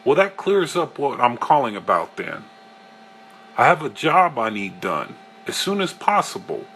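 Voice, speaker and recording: A man voicing a pushy middle-aged male client who talks briskly and eagerly on the phone, in a storybook reading. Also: medium pitch, huge pitch swings, fairly bright tone, slight background noise, full character voice.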